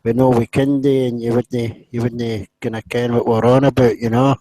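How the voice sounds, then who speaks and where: Irish man, mellow voice, dry close sound, casual salty banter, laughs often. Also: medium pitch, little pitch movement, moderate pace, no room sound, rough recording. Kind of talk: casual online group chat.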